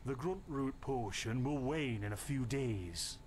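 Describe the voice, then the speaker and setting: Man playing a young game alchemist, friendly, good-humoured, unhurried, bouncy pitch, noisy stream audio. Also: expressive, a little mellow, close to an everyday voice. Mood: caring. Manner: good-humoured, helpful, chuckles easily. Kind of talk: video game voice acting.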